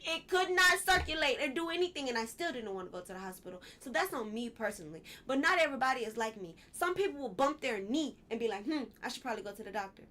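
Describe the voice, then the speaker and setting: A woman's voice: high voice, animated, quick pace, hardly any pauses, bright, forceful tone. A woman hosting a live stream, giving blunt, emotional political commentary and swearing when she gets worked up.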